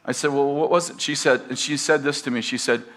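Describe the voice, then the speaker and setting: A pastor telling a personal story to a live audience in a rambling, conversational way, with self-deprecating humor. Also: male voice, mid-range voice, steady tone, fairly quick, a bit bright. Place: campus teaching session.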